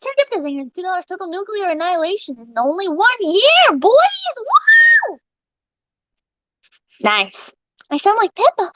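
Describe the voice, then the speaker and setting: High-pitched lady streamer rambling to chat, swearing and getting all worked up, super dry audio. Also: unhurried, pauses often, dry recording, shouting, low-quality recording. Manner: excitable, profane, rambling. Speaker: live streamer. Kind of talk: casual live-stream chat.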